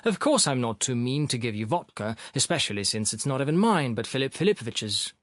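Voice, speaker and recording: A man voicing an energetic young doctor, firm, insistent and lecturing. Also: medium pitch, a little fast, no echo, studio quality.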